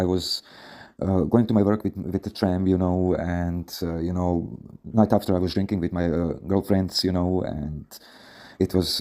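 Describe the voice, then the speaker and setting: Guy, really deep mellow voice, rambling podcast advice full of you know and swearing. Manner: rambling, many fillers, frequent swearing. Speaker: podcast host. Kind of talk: casual storytelling advice podcast.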